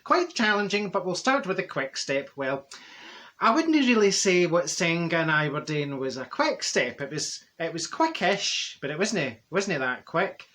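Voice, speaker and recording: A man's voice: a little high, big pitch swings, unhurried, pushed and bright, exaggerated voice. A man playing a chatty Glaswegian auntie. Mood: gossipy. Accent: Glaswegian Scottish. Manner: rambling, laughs at own jokes, confiding asides. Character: chatty older Glasgow woman, gossiping storyteller. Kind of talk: comic character monologue.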